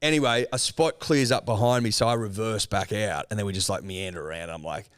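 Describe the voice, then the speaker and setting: A man's voice: on the low side, brisk, smooth, dry recording, clean studio sound. A young Australian man, a podcast co-host, telling a rambling story in casual chat, swearing freely and acting out what people said. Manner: animated swearing storyteller, acts out quotes.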